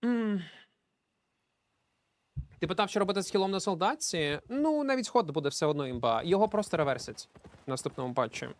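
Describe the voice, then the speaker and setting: A man streaming a game live, speaking English. He chats with viewers in an excitable way, often stumbling and repeating words. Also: sits high, fairly quick, pauses often, dry recording. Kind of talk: live gameplay commentary chatting with viewers.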